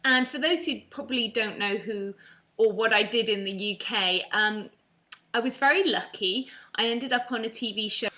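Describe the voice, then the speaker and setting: Woman presenter, squeaky and bright, earnest and chatty to camera. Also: normal speed. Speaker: online video presenter. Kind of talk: talking to camera in an online video.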